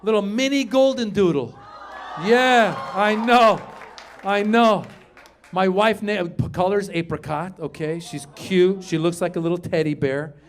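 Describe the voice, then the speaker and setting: A middle-aged man from Iran performing a stand-up routine, telling stories with animated delivery and sudden shouted punchlines. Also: high-pitched, measured pace, some chatter behind. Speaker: stand-up comedian.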